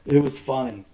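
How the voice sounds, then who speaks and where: A man in a casual, rambling monologue, often clearing his throat and swearing. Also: mid-range voice, mellow, rough recording.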